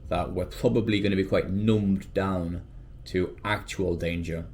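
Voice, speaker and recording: Lowish-voiced British man vlogging. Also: a little slow, slight background noise. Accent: British English. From United Kingdom. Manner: animated, slips into quoted voices. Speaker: English teacher and vlogger. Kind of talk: casual talk to camera.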